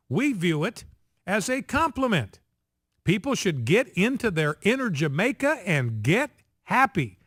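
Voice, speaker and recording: Male radio host, a bit high-pitched, dry studio mic; emphatic commentary, leans on numbers and rhetorical questions. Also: a bit bright, no room sound. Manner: emphatic, slows down to stress figures; rhetorical questions and repeated phrases.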